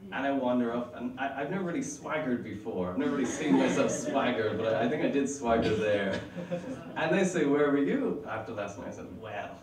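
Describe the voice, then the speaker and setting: A man's voice: mid-range voice, brisk, reverberant, far from the mic, a crowd in the background, rough recording. A man telling a true personal story on stage, chatty and self-mocking, laughing between lines. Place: stage before a live audience.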